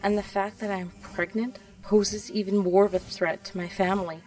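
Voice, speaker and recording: A woman reading the lines of a proud, guarded pregnant elven princess, measured and bitter. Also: medium pitch, level tone, darkish tone, recorded from a distance, lightly acted, poor audio.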